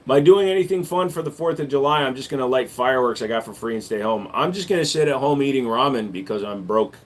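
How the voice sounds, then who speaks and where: A man hosting a casual livestream, answering viewer questions with a relaxed, joking manner that gets louder when he hypes up the chat. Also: mid-range voice, quick pace. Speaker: livestream host and gun store owner.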